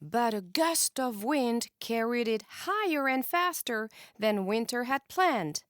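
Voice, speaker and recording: A woman teacher reading a children's storybook aloud in an expressive, animated way. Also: fairly high pitch, takes it slowly, no room sound, clean studio sound.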